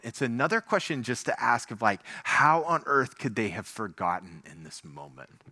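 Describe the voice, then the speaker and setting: A man preaching a sermon in a conversational, animated way, full of rhetorical questions. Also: mid-range voice, normal speed.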